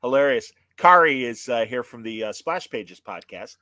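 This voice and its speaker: A man hosting a casual podcast chat, enthusiastic and quick to agree and praise. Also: mid-range voice, animated, bright, forceful tone, no echo. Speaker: podcast host.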